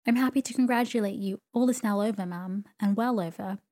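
A woman's voice: mid-range voice, fairly quick, close to an everyday voice. Woman voicing a meek old-fashioned country doctor. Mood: meek, soothing. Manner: soft, gentle and deferential. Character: meek mild-mannered male country doctor.

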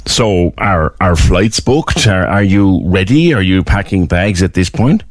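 A man interviews a guest on the radio, asking lively, interested questions. His voice sits low but swings widely in pitch, and the sound is dry and close. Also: a little slow, dry recording. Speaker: radio host.

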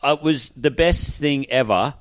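A man's voice: medium pitch, measured pace, dry recording, clean studio sound. A man, a guest comedian, telling a rambling story in casual podcast chat and laughing mid-sentence.

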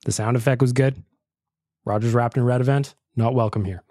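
Male podcast host, mid voice, dry close mic, animated and jokey. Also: mid-range voice, fairly quick, no echo. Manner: animated, swearing, mock outrage. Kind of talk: casual podcast chat.

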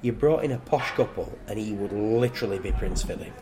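A man's voice: fairly low pitch, brisk, crowd noise. An older man telling stories in casual podcast chat, crude, profane and joking. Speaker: guest storyteller.

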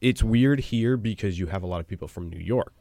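A man's voice: on the low side, brisk, mellow, dry recording. A young man from western Massachusetts chatting as podcast co-host, telling anecdotes and acting out what others say. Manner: storytelling, acts out quoted voices. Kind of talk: casual chat.

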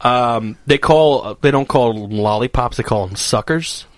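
A man's voice: mid-range voice, normal speed, no room sound. A man co-hosting a casual podcast, crude and joking, laughing often. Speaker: podcast co-host.

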